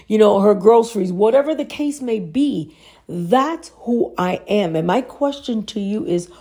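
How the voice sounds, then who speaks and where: A woman's voice: fairly high pitch, gravelly, warm tone. A woman giving an earnest motivational talk, asking the listener pointed questions. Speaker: motivational speaker.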